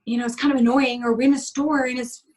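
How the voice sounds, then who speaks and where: Mujer que habla con calidez y emoción. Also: female voice, sits high, little pitch movement, fast talker, poor audio. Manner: gentle, heartfelt, acts out inner voices. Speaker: guest, sugar addiction coach. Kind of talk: interview over video call.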